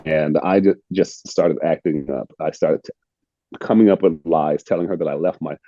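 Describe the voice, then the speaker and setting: An older man from the United States, an actor being interviewed, telling stories in a reflective, unhurried way and repeating words as he restarts. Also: extremely low pitch, dark tone, dry recording, dull audio. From United States (Illinois). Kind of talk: casual storytelling interview.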